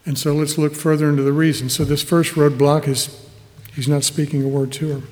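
A man's voice: fairly high pitch, level tone, brisk, darkish tone. A man preaching a sermon, reading scripture verses aloud and explaining them with an easy, chuckling manner. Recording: hall reverb.

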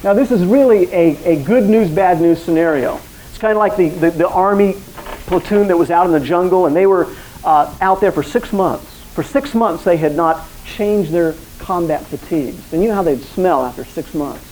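A man's voice: high voice, normal speed, a little mellow, a little hiss or hum, low-quality recording. A man preaching an evening sermon, speaking earnestly and directly to his listeners and acting out quoted lines.

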